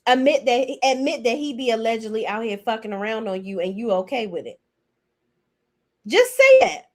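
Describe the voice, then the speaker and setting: A woman in her forties giving a blunt, profane, sassy reality TV recap rant as host. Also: quick pace. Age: 40s. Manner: mocking and animated, swings between high and low. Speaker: commentary host.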